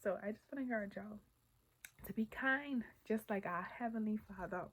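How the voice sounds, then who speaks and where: Woman, breathy husky voice, earnest devotional talk, soft near-whisper stretches, candid and animated in places, mid pitch. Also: normal speed, poor audio. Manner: grows loud and animated when telling personal stories. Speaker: Christian speaker. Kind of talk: casual devotional encouragement.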